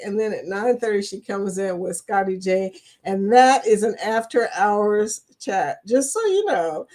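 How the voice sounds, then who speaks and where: A chatty woman with a Kentucky accent hosts a casual live stream, greeting her regular viewers. She teases easily and breaks into laughter often, and her voice sits at an ordinary middle pitch. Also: a little mellow. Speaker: livestream host.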